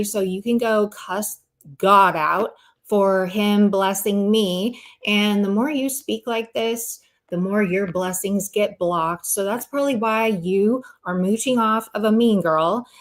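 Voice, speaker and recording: A young woman on a livestream, delivering a heated, sarcastic rant full of swearing and mock apologies. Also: mid-range voice.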